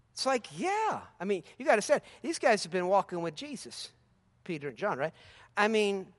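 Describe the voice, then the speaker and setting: A male preacher with a very high, bright, sharp voice. He delivers a lively sermon, laughs freely and breaks into hallelujahs. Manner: animated, laughing often, exclaims hallelujah.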